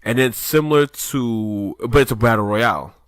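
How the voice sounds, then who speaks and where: A man's voice: medium pitch, moderate pace, clear, resonant tone, dry recording, studio quality. A man co-hosting a podcast in loose casual chat, rambling with lots of fillers and swearing. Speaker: podcast co-host.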